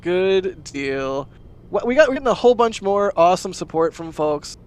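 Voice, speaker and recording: A man's voice: high voice, sing-song, normal speed, clean tone. Chatty man hosting a livestream. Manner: chatty, laughs often, thanks supporters warmly. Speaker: livestream host. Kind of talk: casual livestream chat.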